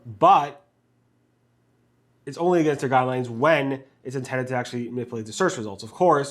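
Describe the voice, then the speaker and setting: A man rattles off a weekly roundup of search news in a quick, casual delivery. He trips over words now and then, restarting phrases and filling gaps with ums and uhs. His tongue is sore from a bite, so his speech is a little impeded. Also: medium pitch. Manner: fast talker with many fillers and restarts.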